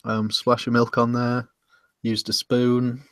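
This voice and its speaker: A man's voice: mid-range voice, completely flat delivery, slow, fairly bright tone, no echo. British male co-host, stumbling and chuckly, dead-dry mic. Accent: British English. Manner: hesitant, repeats words and laughs often. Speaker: podcast co-host. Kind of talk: casual chat.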